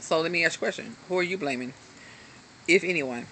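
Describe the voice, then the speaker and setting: Quick-paced and bright, this self-help speaker's low voice sounds pushed as she reads aloud from a book to her hand-held camera, peppering it with ums and little asides. Her tone stays earnest and encouraging, with faint crickets and slight noise in the background.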